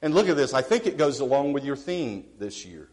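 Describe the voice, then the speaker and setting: A man preaching a sermon who swings from quiet asides to emphatic declarations and asks his congregation questions. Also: mid-range voice, very animated, a little fast, in a large hall.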